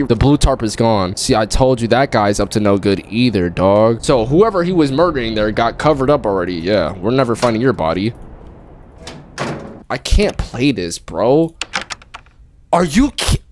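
A man's voice: mid-range voice, slight background noise. Jumpy, slangy man streaming a horror game. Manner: jumpy, excitable, yelps when startled; casual slang, calls the game bro and dog. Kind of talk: live gameplay commentary. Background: game music.

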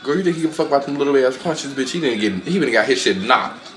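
A man doing loud, sassy reaction commentary, his voice leaping up into high squeals and dropping back down again. His pitch sits in a middling range but swings widely as he reacts. He talks in quick, exclamatory bursts. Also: animated, roomy sound. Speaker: reaction video host. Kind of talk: reaction commentary on fight highlights.

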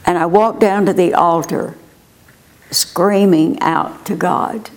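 Slow gravelly older woman telling her story. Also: on the low side. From United States. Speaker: interview guest. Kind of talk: personal testimony.

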